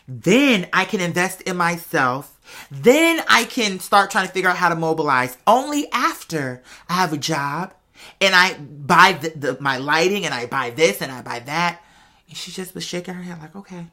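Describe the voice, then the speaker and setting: Man, bright tone, chatty storytelling, talks straight to listeners. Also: a little high. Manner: expressive and chatty, addresses listeners as y'all and girl. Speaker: podcast host. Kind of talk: casual personal storytelling to listeners.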